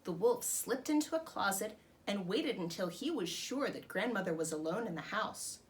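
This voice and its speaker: A woman hosting a princess storytime, reading a children's storybook aloud in an expressive, animated manner. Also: medium pitch, moderate pace, a little hiss or hum. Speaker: storytime host dressed as a princess.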